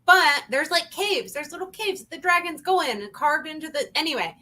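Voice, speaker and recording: A woman hosting a casual review chat, talking in an animated, emphatic way and repeating her points. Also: high voice, brisk. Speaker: channel host.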